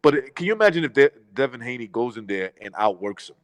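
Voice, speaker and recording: Man, podcast co-host, rambling, slangy and profane, medium-low voice, dry. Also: big pitch swings, fast, dry recording, rough recording. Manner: rambling, says bro and dude, swears. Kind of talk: casual boxing chat.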